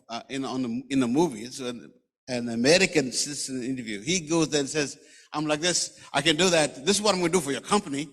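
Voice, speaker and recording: Pastor in a reverberant church. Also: male voice, on the high side, a bit bright. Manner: rambling, joking storyteller who reads scripture aloud. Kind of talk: conversational sermon with humorous asides. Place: church hall. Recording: long church hall reverb.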